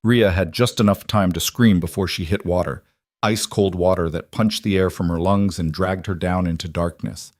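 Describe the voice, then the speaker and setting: A man narrates a fantasy story in a steady, scripted read. His voice sits low and sounds dry, close to the mic with no room around it. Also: normal speed, no room sound.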